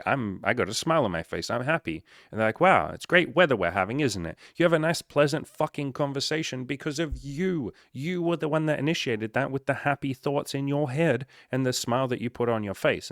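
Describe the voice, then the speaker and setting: A man's voice: mid-range voice, no echo, studio quality. A man, talking casually as a dating coach, blunt and swearing often as he acts out little dialogues. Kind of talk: casual motivational talk.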